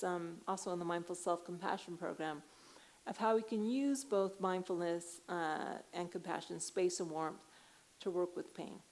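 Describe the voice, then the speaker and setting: A woman's voice: medium pitch, low-quality recording. Woman giving a conversational conference talk. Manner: warm, conversational, laughs while telling stories. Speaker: conference speaker teaching self-compassion. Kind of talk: conference talk with personal story. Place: conference hall.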